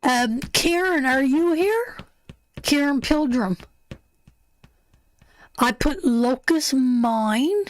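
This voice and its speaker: Slow, affectionate woman tarot reader. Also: high voice, animated. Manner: affectionate, calls viewers sweetheart and my darling; emphatic, repeats phrases over and over. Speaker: tarot reader hosting a live stream. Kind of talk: live tarot reading, answering viewers.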